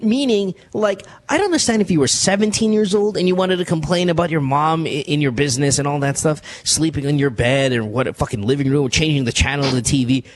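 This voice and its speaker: A man's voice: on the high side, fairly quick, few pauses. A man hosting a late-night call-in podcast, talking bluntly and laughing often. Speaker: radio podcast host.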